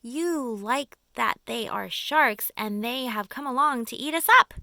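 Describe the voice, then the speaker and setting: A woman's voice: on the high side, measured pace, vocal fry, pushed and bright, no echo, clean studio sound, full character voice. A woman voicing a fearful male earthworm who cries out in panic and wails. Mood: panicked.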